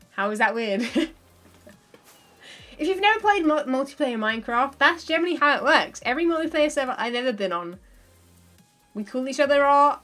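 A woman's voice: a little high, a bit bright. A woman chatting casually on a livestream while she plays, laughing often and thinking aloud.

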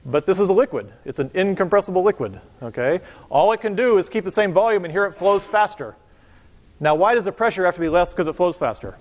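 High-voiced joking male physics professor. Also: animated, quick pace. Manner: casual, joking, talks to students directly. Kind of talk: university lecture. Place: lecture hall. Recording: long reverb of a lecture hall.

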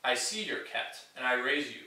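A man's voice: medium pitch, lively intonation, normal speed, sharp tone, heavy reverb, far from the mic. A man doing sarcastic comedy commentary, mocking a video he reviews.

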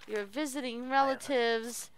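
High-voiced woman streamer, hissy recording. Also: fairly even intonation, measured pace. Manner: talks to herself while working, mutters under her breath. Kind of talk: let's play commentary.

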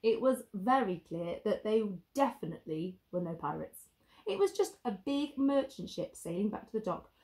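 A woman teacher reads a picture book aloud to children at a normal speed in a mid-range voice. She reads expressively and pauses to ask the listener questions.

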